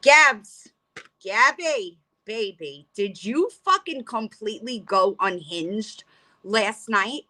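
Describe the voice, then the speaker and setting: A woman's voice: medium pitch, lively intonation, takes it slowly, bright, forceful tone. A middle-aged woman hosting a livestream, ranting bluntly and profanely and rambling with frequent restarts. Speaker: livestream host. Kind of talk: casual livestream rant.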